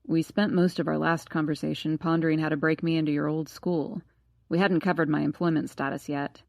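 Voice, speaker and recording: A woman reading an audiobook, voicing a calm, odd teenage boy who speaks softly and wryly. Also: low-pitched, brisk, creaky, dry recording, studio quality, pitched below the performer's own voice. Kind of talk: audiobook character voice.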